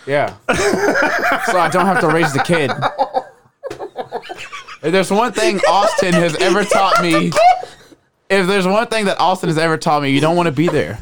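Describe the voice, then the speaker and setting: A man's voice: high voice, moderate pace, long pauses. A young man co-hosting a podcast, a rowdy casual chat full of swearing and laughter. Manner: loud, laughing, swearing, animated. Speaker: podcast co-host. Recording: noisy room recording.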